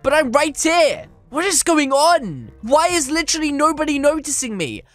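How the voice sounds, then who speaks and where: A man hosting energetic gameplay commentary, excitable and reading chat aloud, with "flipping" in place of swear words. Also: extremely high pitch, moderate pace, faint music behind. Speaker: gaming channel host.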